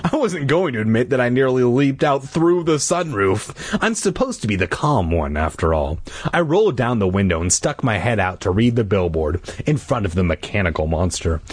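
A man's voice: medium pitch, sing-song, moderate pace, husky, no echo. A man reading a children's horror book aloud, adding crude, irreverent jokes. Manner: irreverent, with crude joking asides.

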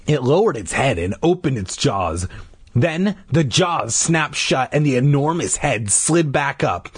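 A man's voice: medium pitch, expressive, a little slow, slightly rough, no echo. A man reading a children's horror book aloud, adding crude, irreverent jokes. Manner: irreverent, with crude joking asides.

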